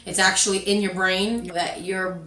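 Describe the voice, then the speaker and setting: A woman's voice: mid-range voice, moderate pace. A woman who stutters, chatting casually and with emphasis as a co-host. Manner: stutters, restarts words; animated, emphatic. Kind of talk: casual chat. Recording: echoey room with faint music.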